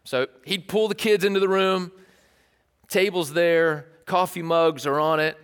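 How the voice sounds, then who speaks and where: A man's voice: on the high side, fairly even intonation, unhurried, clear, resonant tone. A man from East Tennessee, preaching a sermon in a loose, joking, conversational way and often repeating himself. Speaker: pastor. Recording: church hall with long reverb.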